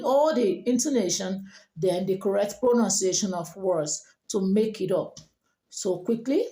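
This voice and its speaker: A woman teaches a diction lesson. She talks slowly and carefully, modelling each intonation pattern aloud. Her voice carries in an echoey room. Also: mid-range voice, a little mellow. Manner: slow, deliberate, demonstrates intonation patterns aloud.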